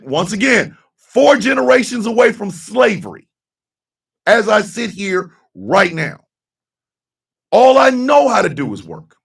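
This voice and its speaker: A middle-aged man delivers a blunt, profane monologue on his radio talk show, repeating his points for emphasis. His voice sits fairly high and sounds gravelly and husky. He is heard from a short distance off the mic. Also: fairly bright tone.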